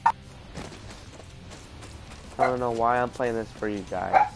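A man giving casual let's play commentary, panicking out loud and repeating his exclamations. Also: medium pitch, fairly even intonation, slow pace, creaky, over loud music. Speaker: gaming video host.

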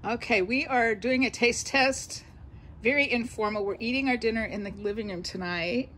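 A woman's voice: fairly high pitch, moderate pace, fairly bright tone, slight background noise, rough recording. Chatty woman vlogging at home. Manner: chatty, encouraging, folksy. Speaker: vlogger host. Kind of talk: casual home vlog chat. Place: home kitchen and living room.

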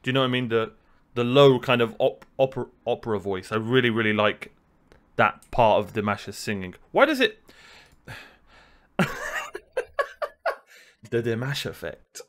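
A man's voice: medium pitch, animated, brisk, fairly bright tone. A man from the UK thinking aloud as he reacts to music, restarting and searching for words. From United Kingdom. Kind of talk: casual reaction commentary.

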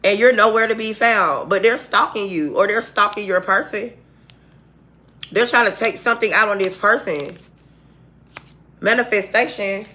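A woman's voice: medium pitch, normal speed, pauses often, bright, forceful tone. A woman giving a casual, heated tarot reading to viewers, speaking bluntly with lots of cursing. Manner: blunt, profane, heated street talk. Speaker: tarot reader.

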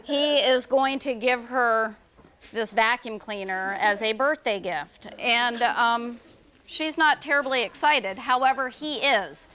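High-voiced woman reading her children's book. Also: takes it slowly, a little hiss or hum. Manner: lively, storytelling with fillers. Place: bookstore event.

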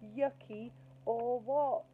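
A woman voicing a scruffy, stubborn young boy in a storybook read-aloud, high and indignant. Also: fairly even intonation, extremely slow. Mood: disgusted. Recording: tinny phone-like sound, faint hiss.

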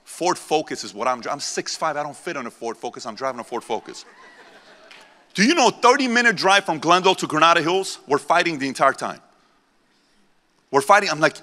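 A man's voice: on the high side, lively intonation, fairly quick, bright, forceful tone. A man in his forties, born in Iran and raised in America, gives a blunt, punchy motivational speech to a live audience in a large convention center. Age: 40s. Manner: blunt, punchy, rallies the crowd. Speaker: motivational speaker. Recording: reverberant convention hall PA.

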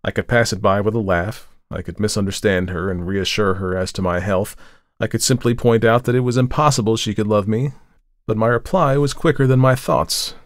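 Low-voiced guy narrating a story, measured and dramatic, dry close sound. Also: no echo. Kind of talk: scripted audiobook narration.

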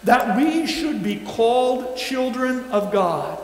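Guy preaching, real high voice, slow and deliberate, big echoey church hall. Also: animated. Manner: emphatic, slow deliberate phrasing, leads call-and-response. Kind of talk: sermon. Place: church sanctuary.

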